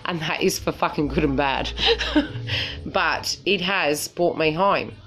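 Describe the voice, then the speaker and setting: A woman's voice: low-pitched, takes it slowly, a bit bright, a little hiss or hum. A woman psychic reader talking casually to her viewers, blunt and frank, swearing and often asking "right?" to check they follow. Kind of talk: casual spiritual talk to viewers.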